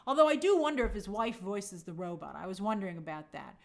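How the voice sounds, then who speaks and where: A woman's voice: mid-range voice, quick pace, gravelly, a little mellow. A middle-aged woman hosting a casual trailer breakdown, chatty and opinionated, full of fillers and mock quotes. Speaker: film trailer reviewer and host.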